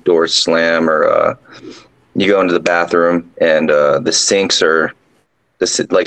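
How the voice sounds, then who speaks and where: A drill sergeant guest casually telling a ghost story, rambling along with lots of fillers. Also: male voice, low-pitched, a bit bright, poor audio.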